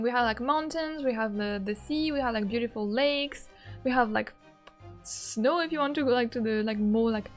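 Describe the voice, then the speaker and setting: A high-voiced woman with a French accent chats through a game stream, giggling and saying "like" at every turn. Faint game music plays behind her. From France. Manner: chatty, giggly, fills with "like" often. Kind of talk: casual gaming stream chat.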